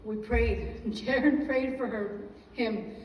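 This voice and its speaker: Higher-pitched woman, heartfelt church testimony, earnest storyteller, distant mic in a big reverberant hall with faint ambience. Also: steady tone, slow pace, a little mellow, slight background noise. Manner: earnest storytelling, praising God between sentences. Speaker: church member giving testimony. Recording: echoey hall from far off.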